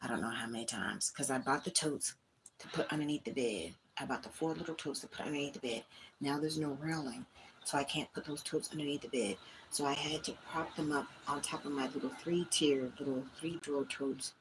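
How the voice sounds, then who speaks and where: Low-voiced woman venting on a livestream. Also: a little fast, background noise. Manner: candid, venting, talks straight to chat. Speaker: livestream host. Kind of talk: casual livestream chat. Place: indoors at home, small room.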